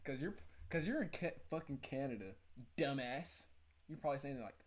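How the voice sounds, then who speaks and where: A man hosting a livestream, casually joking and trash-talking with his chat in loud slang banter. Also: mid-range voice, lively intonation, fairly quick. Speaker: livestream reaction host.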